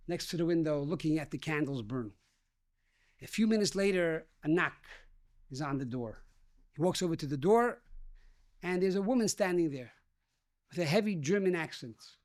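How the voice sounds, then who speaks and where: High-voiced rabbi telling a sermon story. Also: male voice, dry recording, clean studio sound. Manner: addresses listeners warmly as dear friends.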